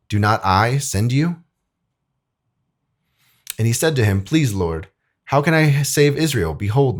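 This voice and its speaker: A young man in an easygoing Bible lesson. He speaks loosely and chattily, full of fillers, and slips into reading scripture. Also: lowish voice. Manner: loose and chatty, many "like"s, acts out quotes. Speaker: video editor presenting a Bible lesson.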